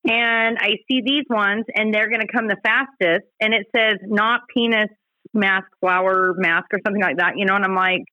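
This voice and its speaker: A woman in her forties with a Utah accent tells stories in a relaxed, animated podcast chat. Her voice sits mid-range and is recorded close and dry, with a slightly dull, muffled tone. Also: medium pitch, normal speed, dry recording. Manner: animated, laughing storyteller. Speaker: podcast guest, harm reduction director. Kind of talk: casual storytelling chat.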